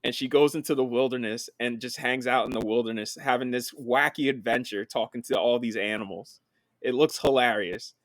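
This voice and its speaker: A man co-hosting a film podcast in casual chat, animated, laughing often and swearing freely. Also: mid-range voice, brisk, no room sound. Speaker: podcast co-host.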